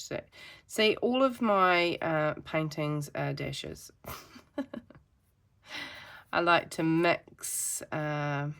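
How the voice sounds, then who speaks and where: A woman's voice: deep voice, drawn-out words, gravelly, pauses often, fairly bright tone, smooth. A woman giving a chatty, rambling painting tutorial with self-deprecating asides. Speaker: art teacher.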